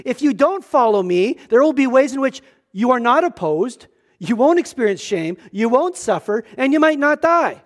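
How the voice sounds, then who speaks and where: A man's voice: very high voice, very animated, normal speed. A male pastor preaching a sermon in a church, earnest and emphatic, often repeating words as he starts a thought.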